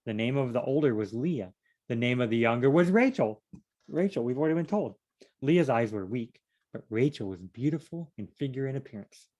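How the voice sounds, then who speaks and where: A man reading scripture aloud and commenting on it in a relaxed, chatty way, often wandering into asides and restarting his sentences. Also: medium pitch, a little fast. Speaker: Bible study vlogger.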